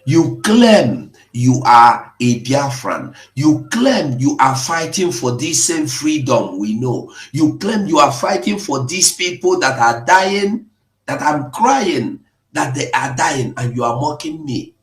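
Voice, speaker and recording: A man's voice: mid-range voice, lively intonation, takes it slowly, roomy sound, poor audio. A man, giving an impassioned, rhetorical live broadcast. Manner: emotional, rhetorical, mocking laughs at times. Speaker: online broadcaster.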